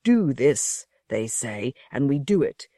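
A reader voicing a slow, bitter old rebel man. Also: mid-range voice, sing-song, mellow, no echo, studio quality. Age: older. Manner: slow, grieving, orating. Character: old defeated male rebel leader, bitter. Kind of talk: audiobook character reading.

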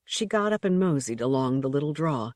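A woman with a low, warm-toned voice narrating an audiobook story. Her delivery is vivid and rhythmic, with a lively, wide-ranging pitch. The recording is close and dry. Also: brisk, dry recording. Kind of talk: expressive scripted narration.

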